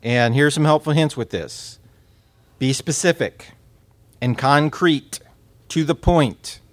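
A man teaching a class on communication. He talks in a lively way, laughs often, quizzes his listeners and repeats words as he restarts. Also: on the high side, measured pace, no room sound. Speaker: instructor.

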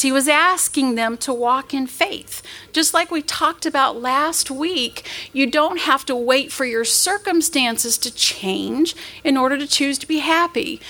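A woman's voice: high-pitched, bright, forceful tone. A middle-aged woman preaching a sermon in an earnest storytelling way, acting out the voices she quotes.

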